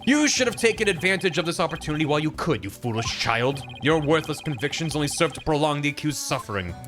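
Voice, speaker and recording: A man voicing a cold, scornful young male prosecutor from a courtroom game, speaking slowly and with disdain, lower than his own voice. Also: lively intonation, music in the background, close to an everyday voice.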